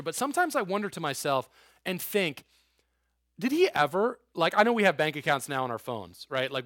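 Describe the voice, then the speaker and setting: A man's voice: a little high, fairly bright tone, no room sound, studio quality. A young man preaching casually to a youth group, acting out quotes and laughing as he goes. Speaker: youth pastor.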